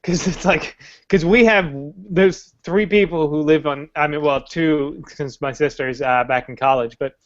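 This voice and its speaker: A man co-hosting a podcast in casual chat, halting and laid-back, often restarting his sentences. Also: a little high, fairly even intonation, dull audio. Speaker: podcast co-host.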